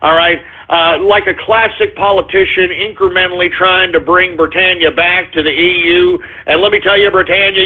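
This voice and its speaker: Ranting male talk radio host, tinny line. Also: high-pitched. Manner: profane, exasperated ranting with sudden shouts. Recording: tinny phone-line sound.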